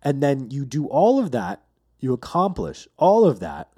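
A man's voice: mid-range voice, huge pitch swings, unhurried, warm tone, husky. A man hosting his own podcast, telling stories in a rambling, profane, casual way. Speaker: podcast host. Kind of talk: casual solo podcast monologue.

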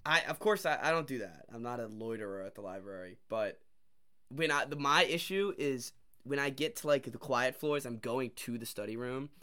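A young adult man co-hosts a podcast, telling stories in casual chat with animated energy and acting out the exchanges he quotes. His mid-range voice is clean-toned and moves at normal speed.

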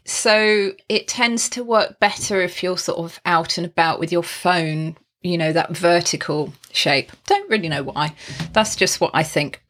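Slow, expressive woman voice teacher. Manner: expressive, demonstrates pitch and volume changes while explaining; chatty, with frequent laughs and asides. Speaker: singing teacher giving video tips. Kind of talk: casual spoken tutorial.

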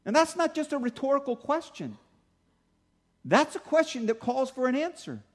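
A middle-aged male pastor preaching a sermon in a conversational way, slowing down to stress key points. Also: extremely high pitch, sing-song. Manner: conversational preaching, slows for emphasis.

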